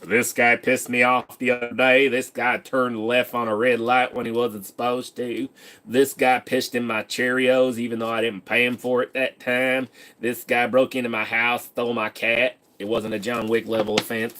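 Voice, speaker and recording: A man's voice: medium pitch, flat delivery, moderate pace, sharp tone. A young man hosting a casual live stream, reading questions from chat aloud and answering them in a rambling, joking way.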